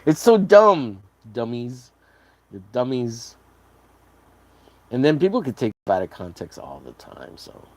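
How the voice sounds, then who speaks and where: A man's voice: mid-range voice, sing-song, unhurried, long pauses, no room sound. A man chatting casually on a livestream while drawing, rambling and joking with lots of swearing. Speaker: artist streaming a drawing session.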